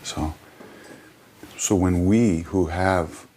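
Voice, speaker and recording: A man in an interview, reflectively telling spiritual stories in an earnest, halting way with many restarts. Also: sits low, fairly even intonation, a little mellow, a little hiss or hum. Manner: earnest storyteller. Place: small hotel.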